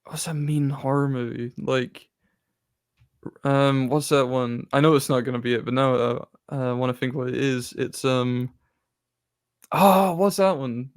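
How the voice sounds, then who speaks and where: A man's voice: mid-range voice, fairly even intonation, measured pace, no echo, clean studio sound. A man guessing movies on a podcast, thinking aloud and repeating the clues back in casual chat. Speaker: podcast co-host guessing films.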